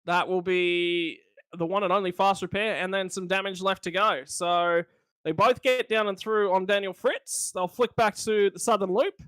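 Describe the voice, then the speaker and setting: A man with an Australian accent giving live race commentary, jokey and excitable. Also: high-pitched, moderate pace, clear, resonant tone, no room sound. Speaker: sim racing commentator.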